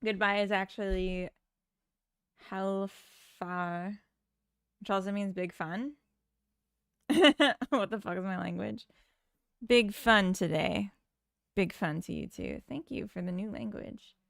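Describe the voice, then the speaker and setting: A woman's voice: medium pitch, vocal fry, no echo, studio quality. A woman streamer chatting casually with her viewers while she works on her game code. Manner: unhurried, chats with viewers and reads their comments.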